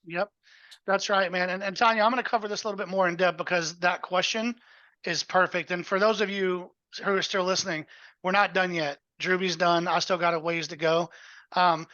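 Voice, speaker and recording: A man's voice: sits high, steady tone, fairly quick, bright, forceful tone, dry recording. A man hosting a casual coaching webinar, blunt and profane with plenty of energy, heard over a video call. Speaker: webinar host. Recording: dull, lo-fi audio.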